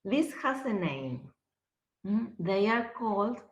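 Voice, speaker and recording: Slow-paced woman teacher lecturing. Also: medium pitch, sing-song, roomy sound, low-quality recording. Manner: slow, explanatory, checks understanding with questions. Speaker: literature teacher. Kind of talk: lecturing a class.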